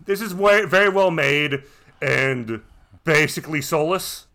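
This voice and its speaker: A man's voice: on the high side, a little slow, sharp tone. A man co-hosting a podcast, chatting casually with a rambling, profane manner and many restarts. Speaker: podcast co-host.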